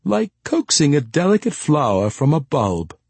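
A man's voice: fairly high pitch, big pitch swings, normal speed, gravelly, a little mellow, slightly rough, dry recording, pitched above the performer's own voice, exaggerated voice. A man voicing a wry old castle steward who speaks in a formal, coaxing way.

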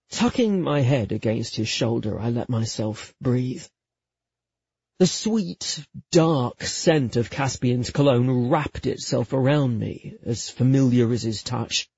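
Husky-voiced man narrating a romance. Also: mid-range voice, measured pace, dry recording, lo-fi sound. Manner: lively, expressive and playfully self-mocking. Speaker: audiobook narrator. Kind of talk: first-person romance narration.

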